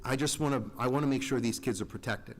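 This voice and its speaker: A man's voice: mid-range voice, fast talker, slight background noise. Board member, 40s man, earnest and rambling, long hall echo. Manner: rambling, earnest, self-interrupting. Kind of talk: public meeting remarks. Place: large school meeting room. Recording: reverberant hall.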